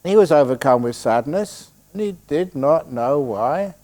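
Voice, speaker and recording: An older Englishman with a slightly high, mellow voice and lively intonation speaks a little slowly as a Buddhist meditation teacher answering questions. He jokes, tells stories and acts out quoted voices in a humorous Q&A talk at a retreat, held in a meditation hall.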